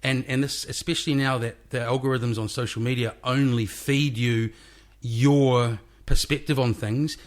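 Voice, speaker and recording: A man hosts a casual podcast conversation. He talks in loose, run-on phrases at an ordinary pitch and agrees readily with his guest. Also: steady tone, normal speed, few pauses. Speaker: podcast host.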